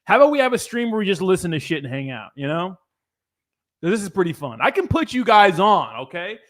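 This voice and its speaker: A man's voice: high voice, very animated, brisk. A young man hosting a casual livestream, reading viewer comments and joking around with laughter and lots of swearing. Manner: joking, laughing, profane and loose. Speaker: crypto livestreamer.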